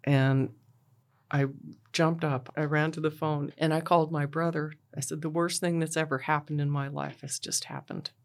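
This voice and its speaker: A middle-aged woman, a bereaved mother, retelling a personal story in a halting way, with many fillers and "and he goes". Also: low voice, level tone.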